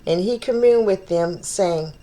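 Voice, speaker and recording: A woman speaks unhurriedly in a dark, mid-range voice while leading an informal Bible study. Reading scripture aloud, she breaks off to reflect, stumbling over old names and repeating phrases as things come together.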